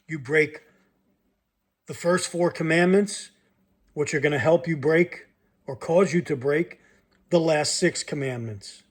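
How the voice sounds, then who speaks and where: A man's voice: fairly high pitch, darkish tone. A man reading Bible verses aloud and breaking off to comment and challenge his listeners, as in a sermon. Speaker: Bible teacher.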